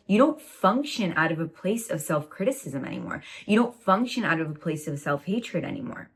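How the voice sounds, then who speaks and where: Woman, twenties, low-pitched, blunt, preachy, motivational vlog monologue, casual fillers. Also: very animated, normal speed, hardly any pauses. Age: 20s. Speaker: self-love coach. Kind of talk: direct-to-camera motivational monologue.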